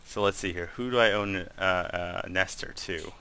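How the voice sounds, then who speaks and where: Excitable man streaming, bright tense voice. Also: deep voice, normal speed, smooth. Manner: excitable, swears freely, thinks aloud while clicking. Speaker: game streamer and corp leader. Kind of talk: casual live-stream chat.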